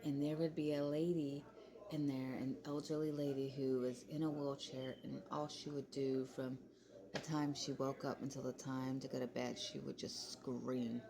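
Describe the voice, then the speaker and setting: A woman's voice: a bass voice, level tone, moderate pace, crowd noise. A young woman, chatting casually in commentary and laughing often as she talks. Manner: chatty, laughs often, Southern-style "y'all". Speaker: commentary vlogger.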